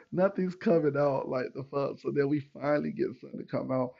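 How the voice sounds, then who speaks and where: A man's voice: medium pitch, gravelly, muffled recording. A young man, hosting a podcast and telling a rambling personal story to his listeners, with many fillers and asides. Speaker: podcast host. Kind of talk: casual storytelling monologue.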